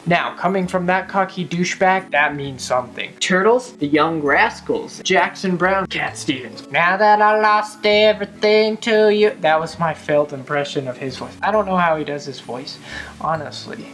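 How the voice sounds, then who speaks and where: A woman's voice: deep voice, moderate pace, fairly bright tone, soft background music. A young woman vlogging in a casual chatty way, now and then breaking into bits of song. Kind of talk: casual chat.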